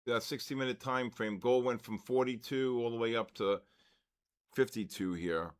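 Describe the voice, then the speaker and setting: An older man hosting a live trading stream, excitably calling out moves and muttering at the charts. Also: mid-range voice, moderate pace, smooth. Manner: excitable, exclaims and mutters at the markets. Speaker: trading livestream host. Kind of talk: casual live trading commentary.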